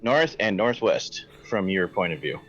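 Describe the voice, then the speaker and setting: A man's voice: low-pitched, expressive, unhurried, fairly bright tone. A man narrating as game master of a tabletop game, describing scenes in a rambling, self-correcting way. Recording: dull lo-fi mic with faint music.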